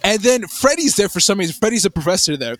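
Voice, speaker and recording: A young man co-hosting a podcast, chatting casually with lots of stammered restarts and excited rambling. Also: sits high, fast, no room sound. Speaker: podcast co-host. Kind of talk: casual chat.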